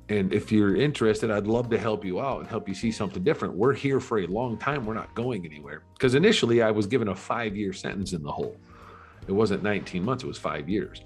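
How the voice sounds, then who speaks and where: A middle-aged man with a low voice tells his story candidly, earnest and reflective. He often halts and restarts his sentences. Faint music plays underneath. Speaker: podcast guest.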